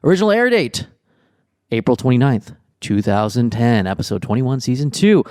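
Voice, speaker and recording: A man's voice: mid-range voice, normal speed, no echo, clean studio sound. Easygoing male podcast co-host. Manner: relaxed, with frequent restarts and reading out episode facts. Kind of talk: casual podcast chat.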